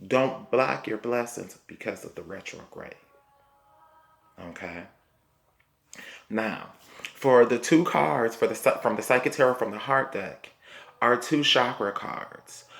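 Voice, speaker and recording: A man giving a spiritual tarot reading, speaking slowly and repeating himself, often checking in with "okay?". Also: mid-range voice, creaky, fairly bright tone. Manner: slow, repetitive, reassuring, punctuated by "okay?". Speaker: tarot reader.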